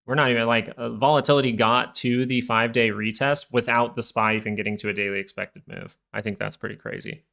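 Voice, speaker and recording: A man's voice: mid-range voice, little pitch movement, fairly quick, creaky, few pauses, sharp tone. A young man hosting a live stock market stream, rambling through casual chart commentary full of fillers and goofy asides.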